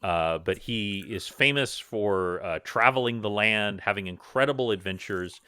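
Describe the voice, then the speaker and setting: Male game master rambling thru the story, lowish bright voice, lots of uhs. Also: moderate pace, clean tone, dry recording. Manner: loose and rambling, many fillers. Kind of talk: narrating a tabletop game.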